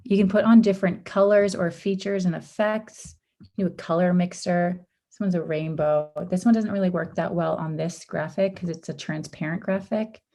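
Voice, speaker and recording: Female workshop instructor, mellow low voice, slightly strained from losing it, relaxed step-by-step screen-share teaching. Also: moderate pace. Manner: casual, step-by-step, with frequent ums and oopses. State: losing her voice. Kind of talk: live screen-share design tutorial.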